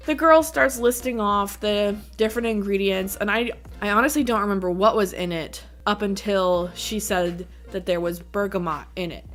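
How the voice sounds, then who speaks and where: A chatty woman vlogger telling a storytime tale in a slightly high voice, casual and quick to laugh, her talk full of "like" and "you know". Soft music plays faintly behind her.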